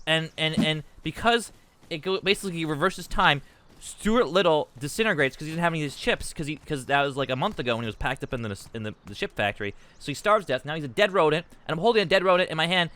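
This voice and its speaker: A man streaming a game and telling a long, rambling, profane comic story with animated asides. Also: fairly high pitch, fairly quick, heavy background noise.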